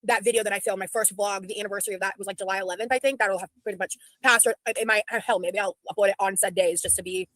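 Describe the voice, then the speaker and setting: Bright, fast-talking woman in her thirties. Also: medium pitch, fairly even intonation, dry recording, low-quality recording. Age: 30s. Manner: chatty, rambling, quick. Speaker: vlogger reacting to her old videos. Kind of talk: casual reaction commentary.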